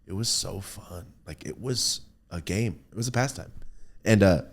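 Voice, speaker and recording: A man's voice: deep voice, moderate pace, husky. A man hosting a podcast, telling loose, profane stories in a casual chat and acting out what people said. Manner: loose, profane, animated storytelling with acted-out quotes. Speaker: podcast host.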